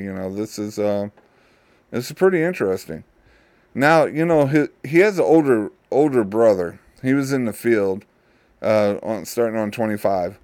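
A man hosting a show who casually retells a Bible story, halting and repeating his words. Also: fairly low pitch, a little mellow, no room sound. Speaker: host.

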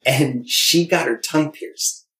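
A man's voice: fairly high pitch, takes it slowly, pushed and bright. A man talking candidly and animatedly, acting out quoted voices as he tells stories. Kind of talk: candid conversation. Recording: roomy echo.

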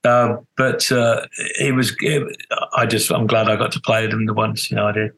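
A man's voice: lowish voice, flat delivery, normal speed, vocal fry, fairly bright tone, poor audio. A middle-aged man, a guest musician in a casual interview, telling rambling stories full of restarts and acted-out quotes. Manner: rambling storyteller, many restarts, acts out quotes.

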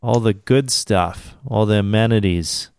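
A man's voice: on the low side, unhurried, gravelly, darkish tone, clean tone, dry recording, studio quality. Man chatting casually on a podcast. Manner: laughs often, profane asides. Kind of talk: casual chat.

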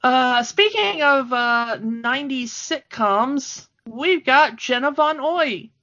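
A woman's voice: high voice, animated, slow pace, sharp tone. A woman co-hosting a podcast in casual chat, talking with enthusiasm and lots of fillers. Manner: enthusiastic, gushing, many fillers. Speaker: podcast co-host. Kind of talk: casual chat about a cartoon film. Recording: dull lo-fi sound.

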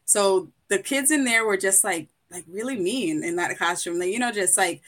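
Bright-voiced woman chatting as a guest. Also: medium pitch, moderate pace. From Brooklyn, New York; raised in Boston. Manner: friendly, chatty, laughs easily. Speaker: guest, author and mental health clinician. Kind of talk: casual interview chat.

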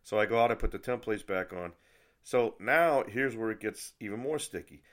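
A man's voice: on the low side, normal speed, a bit bright. A man telling a story in a casual, rambling rant, exasperated, with frequent restarts and mild swearing. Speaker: vlogger.

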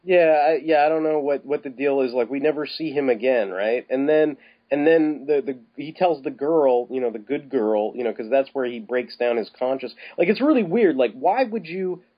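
On slightly dull, lo-fi podcast audio, a man co-hosting a show talks loosely about a movie in a casual film-review chat. His voice is mid-range at a normal speed, and he rambles, restarts often and swears casually.

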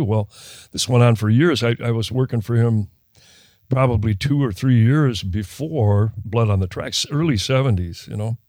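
A man's voice: mid-range voice, a little mellow, no echo. An older man from Minnesota, a guest musician, telling a story in casual interview chat, with rambling, self-interrupting sentences and laughs.

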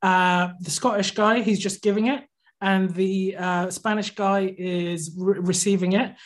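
A man's voice: sits high, a little slow. Man telling a story, casual podcast chat. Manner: animated anecdotal storytelling, acts out quotes. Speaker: podcast co-host.

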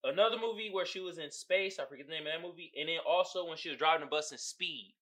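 A man hosting his own podcast in casual solo chat, slangy and animated, laughing often. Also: on the high side, quick pace. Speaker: podcast host.

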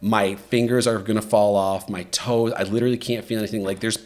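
A man hosting a podcast in casual chat, telling stories with lots of fillers and lively shifts. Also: fairly low pitch, a little fast. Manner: animated storytelling, many fillers. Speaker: podcast host.

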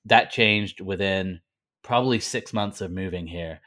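A man's voice: low voice, unhurried, sharp tone. A man from the north of England, now speaking with an American accent, telling his story as an interview guest with many fillers and restarts. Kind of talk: conversational interview.

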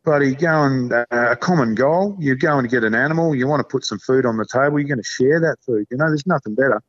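An Australian man talks in a relaxed, rambling way, peppering his stories with blokey slang. His pitch sits in the middle range for a man. The recording sounds dull and lo-fi. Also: quick pace. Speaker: podcast guest. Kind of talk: casual chat.

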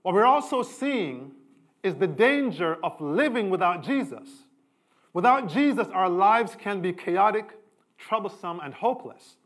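A middle-aged pastor delivers a sermon in a somewhat high voice. His preaching is conversational, and his pitch and volume keep climbing and falling for emphasis. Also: a bit bright.

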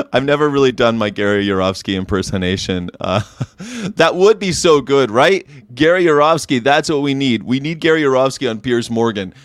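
A man's voice: mid-range voice, no echo. A man hosting a daily vlog, with rambling, jokey talk and frequent laughs. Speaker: host. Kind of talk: casual daily vlog monologue.

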